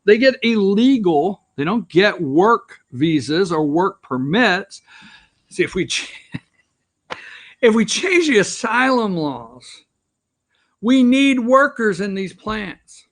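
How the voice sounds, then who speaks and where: A man's voice: sits high, sing-song, slow pace, a bit bright. A man hosting an opinion talk show, ranting with sarcastic, rambling asides.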